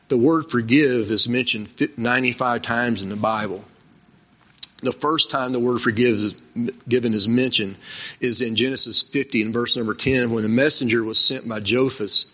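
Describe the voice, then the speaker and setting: A man's voice: mid-range voice, moderate pace, bright, forceful tone, breathy edge. A man preaching a sermon, telling his own story earnestly and with emphasis. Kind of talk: sermon with personal testimony. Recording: dull lo-fi recording.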